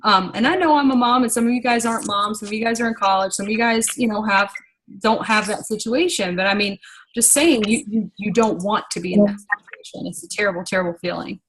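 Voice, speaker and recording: A young adult woman leading a business team meeting in a casual, animated, rambling way, getting worked up and talking fast when excited. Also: mid-range voice, rough recording. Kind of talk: casual motivational training talk.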